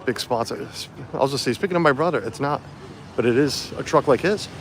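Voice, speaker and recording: A livestream vlogger walks around an outdoor festival site holding his phone camera, chatting casually and rambling with lots of fillers. He speaks briskly in a mid-range voice.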